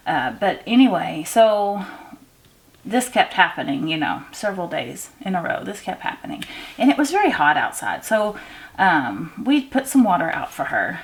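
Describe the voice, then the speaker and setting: A woman vlogger chatting casually at home while she works on a craft, rambling with many fillers and restarts. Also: medium pitch.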